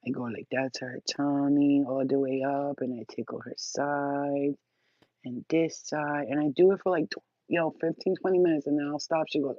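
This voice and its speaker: A woman's voice: sits low, steady tone, moderate pace, no room sound, dull audio. A woman vlogger rambling bluntly to the camera, crude and laughing often. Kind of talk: casual rambling monologue.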